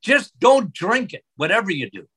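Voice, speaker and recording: Excitable man with a bright voice. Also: sits high, normal speed, breathy edge. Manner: excitable, voice rises when excited. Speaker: doctor, podcast guest. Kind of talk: passionate health talk.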